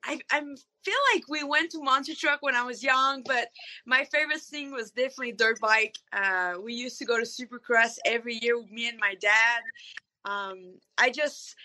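A woman's voice: fairly high pitch, normal speed, sharp tone, rough recording. A woman with a French accent, a monster truck driver, talking as a radio guest in a hesitant way with many fillers. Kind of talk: casual radio interview.

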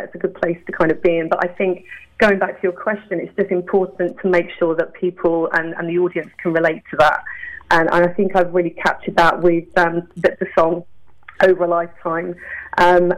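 A woman's voice: on the low side, low-quality recording. A woman with a borderline Cockney London accent, a singer-songwriter chatting enthusiastically as an interview guest. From southeast London, England. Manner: enthusiastic, chatty, many fillers. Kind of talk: interview conversation.

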